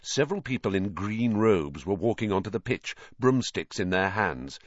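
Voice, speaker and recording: Expressive man reading a storybook. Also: on the low side, moderate pace, no echo, highs cut off. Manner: expressive storyteller voicing every character. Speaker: audiobook narrator. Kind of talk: scripted audiobook narration.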